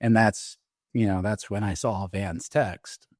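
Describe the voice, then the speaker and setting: Low-voiced middle-aged man, halting storytelling. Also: steady tone, darkish tone, no echo, clean studio sound. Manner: halting, many fillers and restarts. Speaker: podcast guest, Army veteran. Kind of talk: personal story told in an interview. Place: podcast studio.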